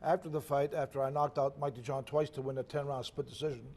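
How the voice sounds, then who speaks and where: A man's voice: mid-range voice, fairly even intonation, quick pace, a little mellow. An older man, a retired boxer, telling old fight stories in a casual interview, rambling and correcting himself as he goes. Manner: rambling, self-correcting, chuckles at own stories.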